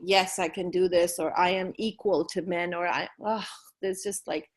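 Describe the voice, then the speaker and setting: A woman's voice: on the low side, steady tone, moderate pace. Effusive woman hosting a live stream. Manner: effusive and encouraging, with frequent fillers. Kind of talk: live stream chat, reading viewer comments aloud.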